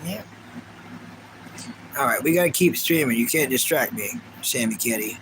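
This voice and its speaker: Chatting casually on a livestream, a man in his thirties reads viewer comments in a rambling, animated way, frequently starting over. His voice is medium-pitched at a moderate pace, and the background is noisy.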